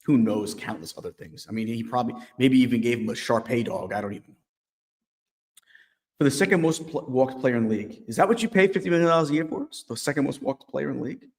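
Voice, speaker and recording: A man's voice: mid-range voice, quick pace, darkish tone. A man with a mid-range voice banters on a sports show, teasing the others and cracking jokes. His voice carries a long reverb tail, as if in a live, echoing space. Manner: joking, teasing. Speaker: co-host.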